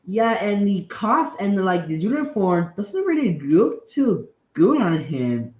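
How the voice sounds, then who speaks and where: A man's voice: sits high, very animated, slow pace, a little mellow, highs cut off. Give me a young man casually chatting on a stream, hesitant and chatty. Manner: chatty, hesitant, frequent fillers. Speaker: stream host. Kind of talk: casual chat about cartoons and games. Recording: echoey room.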